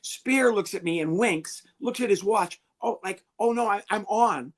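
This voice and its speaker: A man, a comedian guest on an interview show, telling an animated story and acting out the people in it. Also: sits high, a little slow. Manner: lively, animated, acts out the people he quotes.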